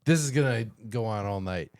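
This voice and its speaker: A man's voice: on the low side, expressive, brisk. A man hosting a podcast in casual chat, swearing freely and joking crudely. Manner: profane, jokey, laughs often. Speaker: podcast host.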